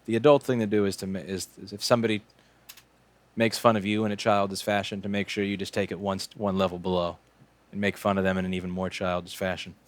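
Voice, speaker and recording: Sarcastic young man with a low voice. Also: little pitch movement, fast talker. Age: late 20s. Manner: sarcastic, joking, rambling. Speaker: repair technician and stream host. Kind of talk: casual livestream chat while working.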